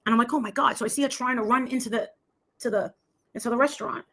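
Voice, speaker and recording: A woman's voice: fairly high pitch, steady tone, fast talker, a bit bright. A woman telling a long story in a rambling, casual way, acting out the voices of the people in it. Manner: rambling, acts out quoted voices. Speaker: livestream host telling a story.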